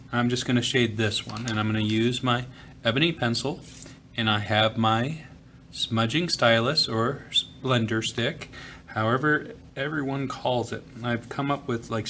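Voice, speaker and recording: A man of middling pitch talks through a drawing lesson in an easygoing way, thinking aloud with fillers while he sketches. A faint hiss of room noise sits under his voice, recorded at a school desk. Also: normal speed, a bit bright. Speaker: art teacher. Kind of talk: drawing tutorial narration. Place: school office.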